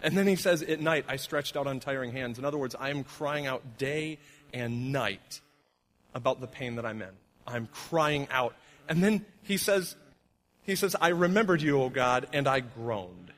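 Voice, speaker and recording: A middle-aged male pastor preaching a sermon in a conversational way, with fillers, who drops soft and low on the heavy lines. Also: normal speed.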